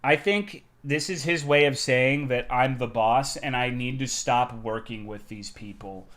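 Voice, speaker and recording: A man's voice: mid-range voice, a little slow, a bit bright. Profane, heated male streamer ranting. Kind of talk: casual storytelling rant.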